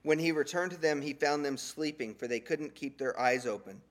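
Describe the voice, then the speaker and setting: A man preaching a sermon, retelling scripture in a conversational, animated way with casual slang. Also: on the high side, normal speed.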